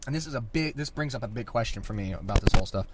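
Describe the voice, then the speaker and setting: A man talking through ideas in a relaxed podcast conversation. He speaks at a middling pitch, thoughtful and questioning, turning each point over as he goes. His throat sounds a little irritated. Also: rapid-fire, very noisy. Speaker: podcast co-host. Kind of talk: casual podcast chat.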